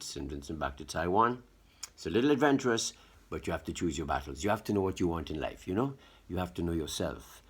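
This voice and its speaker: Low, husky-voiced man vlogging. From Caribbean. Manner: musing and digressive, slipping into French phrases. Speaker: travel vlogger. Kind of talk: casual to-camera monologue. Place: hotel room indoors.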